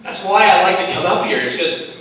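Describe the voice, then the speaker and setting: A young man speaking to teens at a retreat, telling a personal story in a casual, animated way full of fillers. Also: high-pitched, fairly quick, slight background noise. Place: large hall. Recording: very echoey hall from far off.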